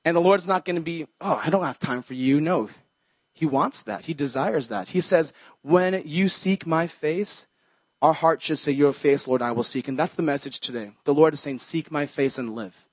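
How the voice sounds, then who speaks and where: A man's voice: a little high, normal speed, no room sound. A young man preaching a sermon as a pastor, in an earnest, conversational way, quoting scripture as he goes.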